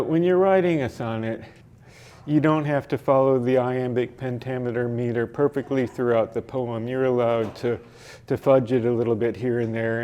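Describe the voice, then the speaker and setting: A man teaching a poetry workshop in a library, hesitating often with fillers and restarts, and reading verse aloud slowly with the stresses marked. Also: medium pitch, warm tone. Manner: reads verse slowly, marking stressed syllables.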